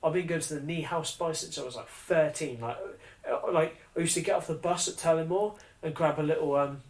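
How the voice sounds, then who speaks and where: Animated, swearing man in echoey room. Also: a little high, fairly quick. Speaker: podcast co-host. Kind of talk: casual chat.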